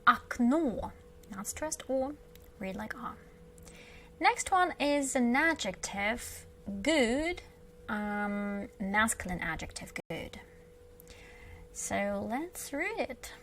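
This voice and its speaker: A woman with a Russian accent, teaching Russian to beginners, who patiently repeats each word slowly several times. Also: fairly high pitch, lively intonation, a little hiss or hum. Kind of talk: slow beginner language lesson.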